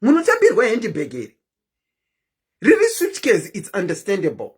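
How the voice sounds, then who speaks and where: A woman's voice: mid-range voice, wildly swooping pitch, moderate pace, darkish tone, breathy edge. A woman hosting a live stream, chatting casually and keeps asking her viewers questions.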